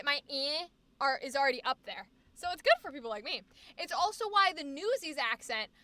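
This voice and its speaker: A woman's voice: high-pitched, bright, forceful tone. A woman livestreaming in a casual chat, explaining singing technique and demonstrating vowel sounds as she talks. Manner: many fillers and restarts, reads chat aloud. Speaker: streamer.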